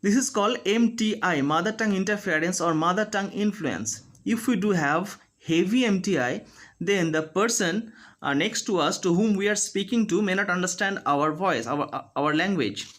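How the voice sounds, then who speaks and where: A man teaching a phonetics lesson, speaking slowly and deliberately and demonstrating each sound. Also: high-pitched, lively intonation, a bit bright. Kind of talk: phonetics lecture.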